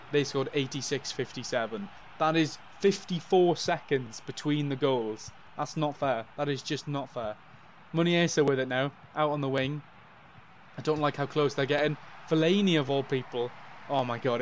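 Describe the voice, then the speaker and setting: Man, gaming commentary, excitable, mid pitch, faint background hum. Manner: excitable, swings from shouting to gloomy muttering. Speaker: gaming YouTuber. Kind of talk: let's-play commentary.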